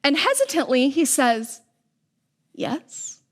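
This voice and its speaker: A young woman with a high voice delivers a sermon. Her preaching is relaxed and chatty, full of personal stories and slang. She keeps her delivery lively and conversational. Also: moderate pace. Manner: casual, animated storytelling with slang.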